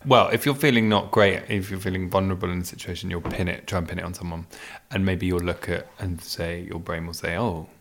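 A man's voice: sits low, steady tone, fast talker, hardly any pauses. A man in casual conversation, reassuring and reflective as he explains. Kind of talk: casual chat.

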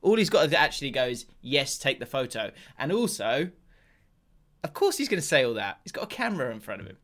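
A man's voice: medium pitch, big pitch swings, brisk, fairly bright tone. Chatty man co-hosting a football podcast. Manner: chatty, laughs often, trails off and restarts. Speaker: podcast co-host. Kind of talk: casual football podcast chat.

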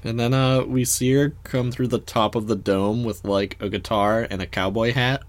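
Man co-host, mid pitch, playful banter, dry mic sound. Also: steady tone, moderate pace, no room sound. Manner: joking, laughs often. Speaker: podcast co-host. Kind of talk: casual recap chat.

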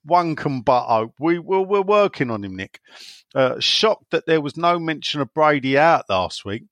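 A man's voice: a little high, very animated, a bit bright, no room sound. A man hosting a casual football podcast, reading out listener messages and often stumbling over his first words. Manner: halting, repeats words as he starts. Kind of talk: casual chat.

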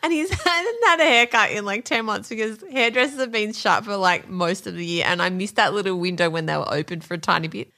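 A woman's voice: medium pitch, expressive, brisk, hardly any pauses, pushed and bright. A woman co-hosting a podcast, telling a home story in casual chat and laughing often. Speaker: podcast co-host.

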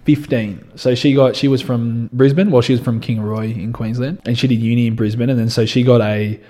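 A young Australian man who is an interview guest, telling his personal story in a relaxed, conversational way and often saying "you know" as he restarts phrases. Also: mid-range voice, brisk.

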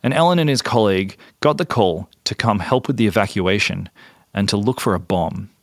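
An Australian man hosting a podcast, telling a story in a relaxed, conversational way with fillers and restarts. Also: fairly low pitch, fairly quick, no room sound. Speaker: podcast host. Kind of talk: casual storytelling narration.

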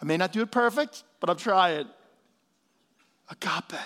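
A man in his fifties preaching a sermon, lively and conversational, calling out to the congregation and dropping to a hushed voice for emphasis. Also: sits high, fairly quick. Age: 50s. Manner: animated preaching, drops to soft hushed tones for emphasis; calls out to the congregation for responses. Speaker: pastor.

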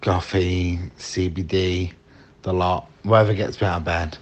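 Deep-voiced Northern English man caller. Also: little pitch movement, measured pace, lo-fi sound. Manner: easygoing, friendly, rambling. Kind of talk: voice message to a podcast.

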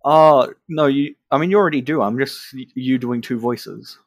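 A man's voice: mid-range voice, moderate pace, no echo. A man co-hosting a casual podcast, tired and self-deprecating. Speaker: podcast co-host. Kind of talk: casual chat.

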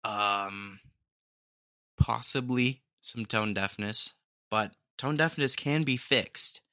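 Female podcast host, playful reactor, bright and dry close sound. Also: very deep voice, slow pace, no echo. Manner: playful, reacting with laughs and "dude". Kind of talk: casual commentary on clips.

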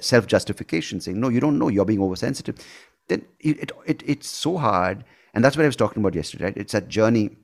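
A man, hosting an interview and earnestly reflecting on his own experience. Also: lowish voice. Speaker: host. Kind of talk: conversational interview.

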